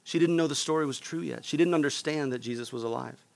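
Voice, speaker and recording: A man's voice: a little high, fast, gravelly. A man preaching a sermon as a pastor, earnest, often asking the room for a response.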